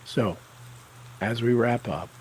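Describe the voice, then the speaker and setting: Slow-speaking man guiding affirmations. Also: mid-range voice, darkish tone, slight background noise, low-quality recording. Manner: slow, deliberate, coaching tone. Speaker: tapping session guide. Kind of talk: guided tapping affirmations.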